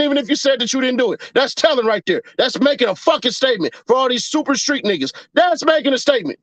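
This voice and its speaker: A man's voice: extremely high pitch, animated, fast, fairly bright tone, no room sound. A man in a casual, profane commentary rant, mocking his audience with rhetorical questions. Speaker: commentary vlogger.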